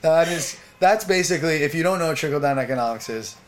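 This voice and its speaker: A man co-hosting a podcast in casual chat, playful, with deadpan jokes and easy laughter. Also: fairly high pitch, quick pace, slight background noise. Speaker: podcast co-host.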